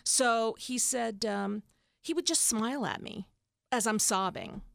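Gravelly-voiced woman in her fifties. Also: a little high, measured pace, fairly bright tone, no echo, studio quality. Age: 50s. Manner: emotional, rambling, frequent fillers and restarts. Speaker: podcast guest. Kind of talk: casual candid storytelling.

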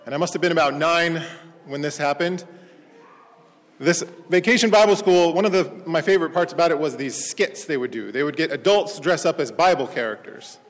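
A man's voice: on the high side, brisk, big-room sound. A man, a parish priest, giving a sermon in a conversational storytelling manner. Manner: storytelling, conversational, animated in anecdotes. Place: church.

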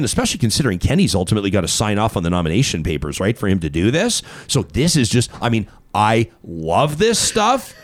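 A man's voice: mid-range voice, no echo, clean studio sound. A man hosting a talk show, chatting in a playful, digressive monologue.

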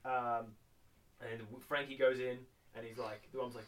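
A man's voice: mid-range voice, flat delivery, normal speed. A young man co-hosting a casual film review podcast, rambling and laughing often, swearing casually. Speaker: podcast co-host.

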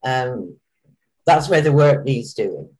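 A woman's voice: a bass voice, expressive, takes it slowly, darkish tone, low-quality recording. An older woman, a charity founder chatting as a guest on an interview podcast. She is plain-spoken, chatty and laughs often. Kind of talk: casual interview chat.

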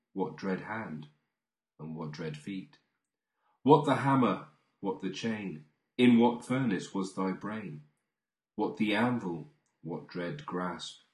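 A man reading classic poems aloud in a slow, dramatic recitation, swelling on key lines and falling to near-whispers. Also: on the low side, roomy sound. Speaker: poetry reader.

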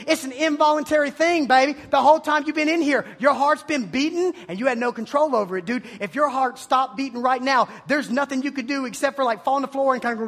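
A man preaching to students in a lively, joking way, and he often slips into mocking voices to imitate his listeners. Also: extremely high pitch, quick pace, few pauses. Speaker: youth pastor. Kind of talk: energetic youth sermon. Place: room with a live audience of students.

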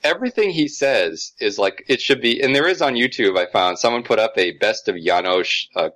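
A man co-hosting a casual film podcast, chatting, laughing often and explaining things with animated detail. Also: medium pitch, brisk. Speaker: podcast co-host. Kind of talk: casual film review chat.

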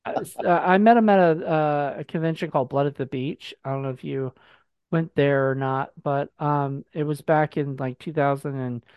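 A man's voice: on the high side, normal speed, clear, resonant tone, no room sound, dull audio. A man in casual chat, telling rambling anecdotes full of fillers and restarts.

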